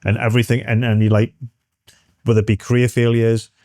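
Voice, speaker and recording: A British man in his forties, a military veteran telling a story in an interview, halting and restarting as he acts out what others said. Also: medium pitch, level tone, darkish tone, no room sound, studio quality.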